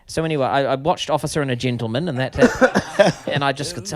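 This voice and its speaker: A middle-aged man with a New Zealand accent, a podcast guest telling a comic story in an animated, self-mocking way. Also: medium pitch, fast talker, few pauses. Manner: animated, self-mocking, frequent laughs and restarts.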